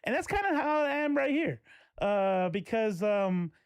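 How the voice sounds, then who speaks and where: A man's voice: high-pitched, very animated, unhurried, clear, resonant tone, no room sound. Man in his forties, casual streamer host, rambling chatter, dry close-mic sound. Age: 40s. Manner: rambling, laughing, self-interrupting. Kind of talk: casual live-stream commentary.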